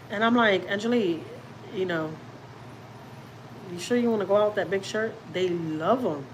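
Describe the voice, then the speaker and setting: In a lowish voice with slight background noise on a low-quality recording, a woman chats casually on a livestream from home. The Houston, Texas family vlogger rambles and teases herself as she reads viewers' comments aloud.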